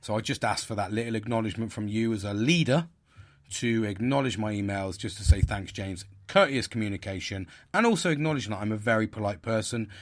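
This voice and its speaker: Man, podcast host, casual monologue, low-pitched, rambling, frustrated. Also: brisk. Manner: rambling, frustrated, many restarts and fillers.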